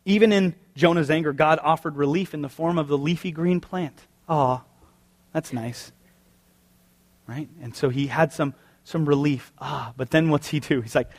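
A man's voice: on the high side, normal speed. A man preaching a sermon as pastor, conversational and wry, firing off rhetorical questions.

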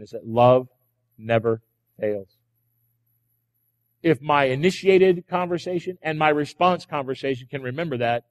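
A man preaching from the pulpit in a fairly high voice, driving home his points with repeated refrains and pointed rhetorical questions. His words ring out with a long reverb in the church hall. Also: darkish tone. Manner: emphatic, repeats key phrases, asks rhetorical questions. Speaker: pastor. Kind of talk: sermon. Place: church sanctuary.

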